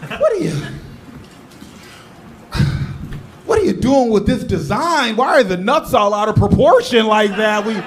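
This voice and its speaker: A man's voice: high voice, big pitch swings, normal speed, slight background noise, pitched above the performer's own voice. A man voicing a stern engineer father who scolds his son. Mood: angry. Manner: indignant, scolding. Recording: echoey comedy club.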